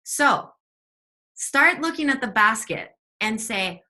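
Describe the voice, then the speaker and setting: A woman co-hosting a spiritual talk show, telling stories in a chatty, animated way. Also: a little high, slow pace. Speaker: podcast co-host, teacher.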